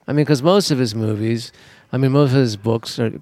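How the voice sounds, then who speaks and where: A man co-hosting a podcast, telling stories in a casual, animated way and swearing freely. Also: medium pitch, a little fast, dry recording. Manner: profane, animated, laughing while telling stories. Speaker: podcast co-host. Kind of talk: casual storytelling chat.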